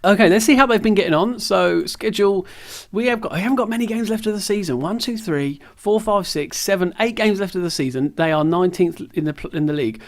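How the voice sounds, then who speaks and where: Chatty young man, slightly high voice. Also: animated, a little fast. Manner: chatty, rambling, self-deprecating asides. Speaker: gaming video creator. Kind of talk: casual let's-play commentary. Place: at home, sitting on the floor. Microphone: camera's built-in mic.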